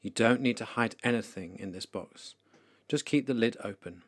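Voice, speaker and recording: A man voicing Jesus as a gentle, kind, forgiving adult man, speaking softly and tenderly. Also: lowish voice, normal speed, lightly acted. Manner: soft, hushed and tender.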